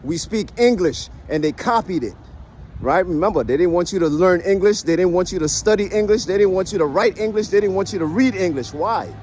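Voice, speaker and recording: High-voiced American man lecturing casually. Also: animated, brisk, a little mellow, slight background noise. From United States. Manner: keeps asking "right?" as he lectures; emphatic, questioning, persuasive. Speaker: vlogger. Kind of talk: casual talking-to-camera monologue.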